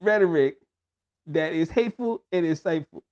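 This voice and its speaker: A man doing a mock impression of a pompous male politician, delivering a solemn speech slowly and haltingly. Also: a little high, animated, darkish tone, dull audio, natural voice.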